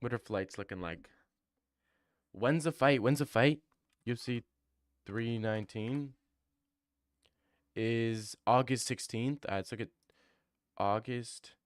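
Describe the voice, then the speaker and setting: A man's voice: medium pitch, takes it slowly, pauses often, smooth, dry recording, studio quality. A man streaming live, chatting casually with his viewers in a rambling, joking way. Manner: rambling, joking banter with chat. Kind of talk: casual livestream chat.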